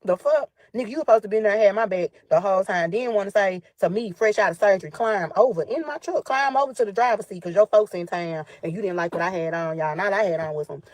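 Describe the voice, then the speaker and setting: A woman's voice: medium pitch, fast, hardly any pauses, a little mellow, no echo. A woman with a Memphis accent telling a story about her ex in a heated, profane monologue, talking straight to her listeners. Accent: Southern US (Memphis). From Memphis, USA. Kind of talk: angry venting monologue.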